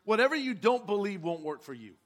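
Fired-up preacher guy, pretty high voice, keeps asking the crowd questions. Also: sing-song, a little fast. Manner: impassioned preaching with rhetorical questions to the congregation. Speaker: pastor. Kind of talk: sermon.

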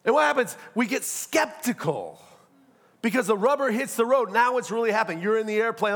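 A man preaches to his congregation. He mixes teaching with joking, acted-out asides. His delivery swings between brisk and drawn out. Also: extremely high pitch, lively intonation, a bit bright. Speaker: pastor. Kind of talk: sermon.

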